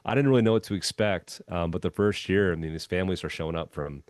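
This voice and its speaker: A man who used to be a golf club head pro tells a long anecdote in an interview, relaxed and full of "um" and "you know.". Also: sits low, no room sound. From Minnesota. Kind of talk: storytelling in a conversational interview.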